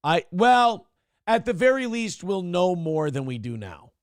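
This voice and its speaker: A man's voice: sits high, sing-song, a little slow, no room sound. Man, morning show host, profane, joking about the news, dry close sound. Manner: irreverent, riffing, profane. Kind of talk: comedic news talk.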